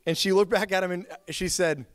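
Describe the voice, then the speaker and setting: A man's voice: high-pitched, fairly even intonation, a little fast, smooth, no echo. A man preaching a sermon as pastor, telling stories in a casual, chatty way with lots of filler words. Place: church.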